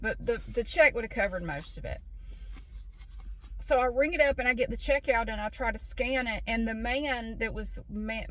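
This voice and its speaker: A woman's voice: a little high, fairly bright tone. A middle-aged woman telling a casual vlog story, chatty and exasperated, ranting and swearing freely. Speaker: vlogger.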